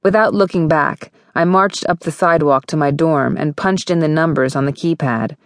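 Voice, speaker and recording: A woman with a low-pitched voice reads a first-person romance novel aloud in a wry, intimate tone. The sound is dry and close, straight from a studio booth. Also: normal speed, no echo. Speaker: audiobook narrator.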